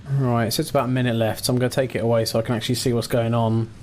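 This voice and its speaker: A relaxed man casually commentating his own space game, chatty with mild swearing, into a desk mic at his computer. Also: mid-range voice, very fast, slight background noise. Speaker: gaming channel host.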